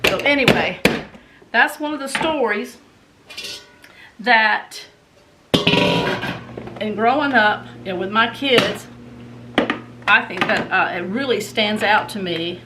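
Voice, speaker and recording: A woman's voice: mid-range voice, takes it slowly, pauses often, distant mic, loud music behind the voice, poor audio. A middle-aged woman, chatting folksily with viewers and telling a family story while she cooks. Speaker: vlogger. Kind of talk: casual storytelling while cooking. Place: home kitchen.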